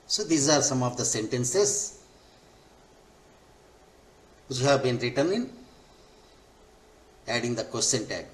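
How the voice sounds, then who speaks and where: A man's voice: medium pitch, very animated. Man teaching grammar in an echoey room. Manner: repeats each point slowly, spells out forms. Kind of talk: explaining grammar lesson.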